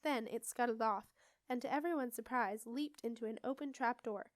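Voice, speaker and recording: A woman reading a children's fantasy novel aloud in steady, expressive storybook narration. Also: fairly high pitch, normal speed, no echo. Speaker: audiobook reader.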